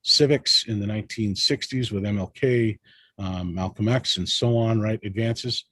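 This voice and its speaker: A man's voice: lowish voice, moderate pace, a bit bright, husky, dry recording. A man speaking as a panel guest in an impassioned discussion, emphatic and rallying, often tagging his points with "right?".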